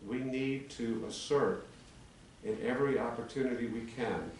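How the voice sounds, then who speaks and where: A man's voice: mid-range voice, steady tone, normal speed, darkish tone. A man in his sixties, an attorney, presenting a legal argument to a town commission in a formal public meeting. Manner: argumentative, building a legal case. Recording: echoey chamber, distant mic, faint hum.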